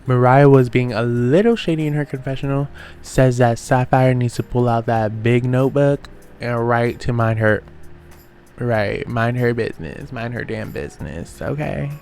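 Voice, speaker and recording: A man hosting a casual reality show recap, talking in a sassy, slangy way with quick asides. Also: mid-range voice, a little mellow, soft background music.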